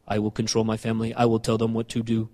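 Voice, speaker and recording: Man putting on a low, bossy dictator-husband voice, quiet and controlling, a sermon aside. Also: monotone, fast talker, close to an everyday voice. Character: domineering husband declaring himself dictator.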